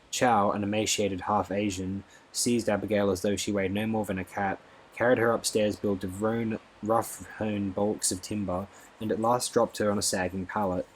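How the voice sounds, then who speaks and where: A man reading a novel aloud as an audiobook narrator, steady and expressive. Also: fairly low pitch, moderate pace, husky, rough recording.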